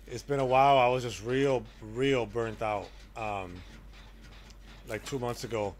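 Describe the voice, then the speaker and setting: A man live-streaming a game, chatting casually with his viewers and reacting loudly to the action. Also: mid-range voice, fairly even intonation, a little slow.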